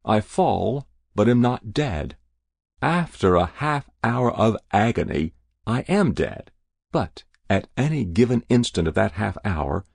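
A man reading a gravelly, calm captured spy. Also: fairly low pitch, no echo, studio quality, heavily acted. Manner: measured, reasoning, then pleading. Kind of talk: audiobook reading.

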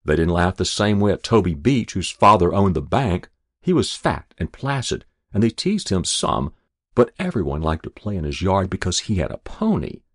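A man narrating a story in an expressive, measured storytelling manner. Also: low-pitched, slightly rough, no room sound, studio quality. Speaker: audiobook narrator.

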